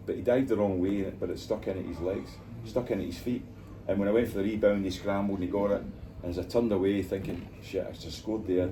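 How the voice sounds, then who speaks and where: An older Scottish man, a former footballer, telling animated stories in an interview and acting out the voices of people he quotes. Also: low voice. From Scotland. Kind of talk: storytelling interview in a bar. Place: bar. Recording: distant mic, noisy bar.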